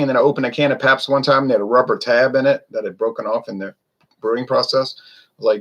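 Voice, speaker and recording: A man's voice: mid-range voice, fairly even intonation, fast, fairly bright tone, highs cut off. A man, chatting loosely and rambling through a casual beer review. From Louisiana. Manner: rambling, chatty, wanders off topic.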